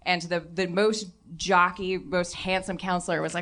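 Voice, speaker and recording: A woman with a bright, crisp voice recalls her teenage years in casual podcast talk. Her speech is hesitant and self-deprecating, full of "um" and "like.". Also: on the low side, fairly even intonation, normal speed. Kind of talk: casual chat.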